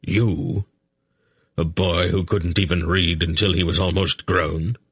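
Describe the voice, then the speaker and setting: A man's voice: low-pitched, a little slow, vocal fry, pushed and bright, breathy edge, exaggerated voice. A man voicing a cold, contemptuous old grandfather figure who speaks curtly in an audiobook. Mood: scornful. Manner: curt, contemptuous.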